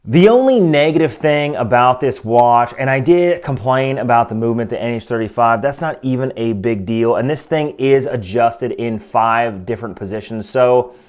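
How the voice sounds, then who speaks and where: A man's voice: mid-range voice, expressive, normal speed, hardly any pauses, a little mellow. Opinionated man reviewing a watch. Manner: opinionated, conversational, frequent asides. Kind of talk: casual product review. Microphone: desk microphone.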